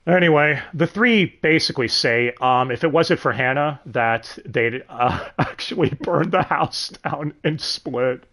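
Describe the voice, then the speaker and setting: A man hosting a casual, profane review of an anime dub, sardonic and quick to laugh. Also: fairly high pitch, fairly bright tone. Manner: sardonic, swears freely, laughs often.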